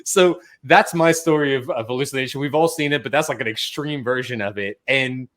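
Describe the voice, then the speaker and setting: Male podcast host, casual and animated, mid-pitched, acts out quoted lines. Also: quick pace. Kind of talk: casual panel chat.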